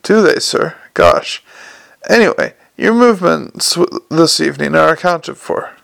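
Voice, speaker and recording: A courteous, unflappable young police captain, earnest and formal, as a male audiobook narrator reads him. The voice sits a little high with a gravelly edge and a dry, close sound. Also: animated, a little slow, a bit bright, no room sound, heavily acted. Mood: politely probing.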